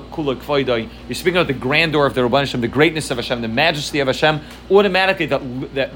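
A man's voice: mid-range voice, a bit bright, slight background noise. A man teaching a religious class, earnest and repeating words as he searches for his phrasing. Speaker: Torah teacher.

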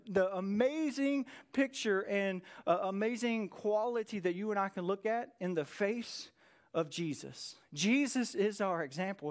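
A male pastor preaching a sermon in a conversational way, often checking in with "right?" and acting out short quotes. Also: high-pitched. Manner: acts out short quoted lines in lively voices.

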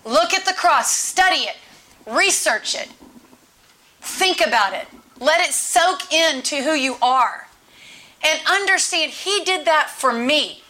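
A woman gives a chatty sermon as a Bible teacher, leaning on repeated phrases for emphasis. Her voice sits high and rings bright and forceful. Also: lively intonation, slow pace. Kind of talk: conversational sermon.

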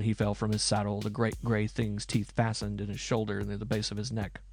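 A man narrating a period horror tale in a measured, dramatic reading. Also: fairly low pitch, vocal fry, darkish tone. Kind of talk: scripted storybook narration.

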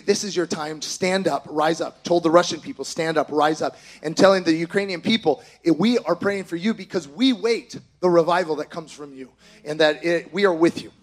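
High-voiced, impassioned male preacher. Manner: impassioned, shouts exhortations in a second language. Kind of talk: sermon.

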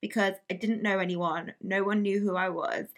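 A woman's voice: medium pitch, steady tone, normal speed. A woman talking as a guest in a casual podcast chat, telling rambling stories with chaotic energy and frequent laughter. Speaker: guest, small business founder.

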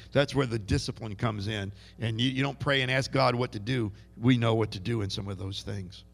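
A male preacher delivers a sermon in a loose, conversational way, stumbling and repeating words as he goes. His voice is gravelly, with plenty of vocal fry. It carries the long reverb of a large church hall. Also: mid-range voice.

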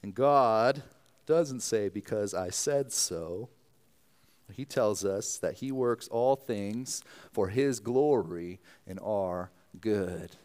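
Smooth-voiced man preaching a sermon. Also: fairly low pitch, slow. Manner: earnest prayer, then animated storytelling with fillers. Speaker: pastor.

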